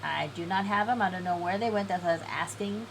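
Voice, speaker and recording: A woman's voice: fairly low pitch, fast, slight background noise, low-quality recording. A woman live-streaming an online game event, chatty and giggly, reading game text aloud.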